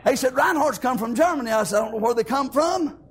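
A man's voice: very high-pitched, animated, fast talker. An older man, telling his church testimony in a folksy, homespun way. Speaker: church member giving testimony.

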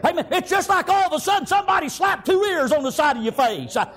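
A man preaching a fervent revival sermon, often shouting and punctuating with "amen" and "praise God". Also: very high voice, lively intonation, quick pace.

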